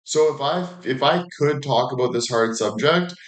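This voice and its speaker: A man's voice: mid-range voice, moderate pace. A man talking in a casual monologue, blunt and emphatic, swearing heavily and repeating himself for emphasis. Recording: echoey room.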